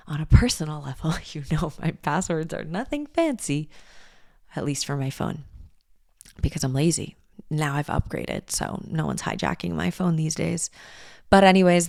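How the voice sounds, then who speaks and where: A young woman hosting a podcast, telling a personal story in a candid, animated way and swearing freely. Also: low-pitched, creaky, no room sound, clean studio sound. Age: young adult. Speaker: podcast host. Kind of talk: casual storytelling monologue.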